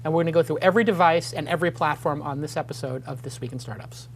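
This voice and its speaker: A man's voice: fairly high pitch, very fast. A man hosting a casual studio talk show, chatty and rambling, with jokey self-deprecating asides.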